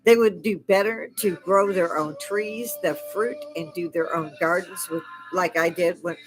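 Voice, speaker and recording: A woman's voice: on the low side, fairly even intonation, unhurried, music in the background. An older woman delivering an angry, profane political rant, sarcastic and scornful, with bursts of mocking laughter. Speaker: livestream host.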